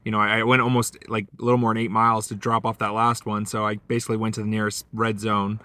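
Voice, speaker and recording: In a level but pushed, bright voice, a man talks fast in a casual vlog from his car, recounting delivery shifts. The recording is dry. He's a chatty storyteller who mimics the people he met, his pitch jumping widely on their lines.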